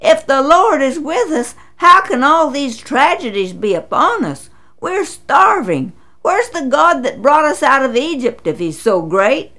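A woman's voice: high voice, big pitch swings, measured pace, sharp tone, voice pushed up, exaggerated voice. A woman voicing a desperate, doubting young man in a storybook reading. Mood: anguished. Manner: pleading, exclamatory.

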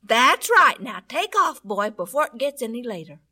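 A woman voicing a tall, kind male policeman who speaks with slow, gentle, reassuring firmness. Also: on the high side, very animated, heavily acted. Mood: kindly.

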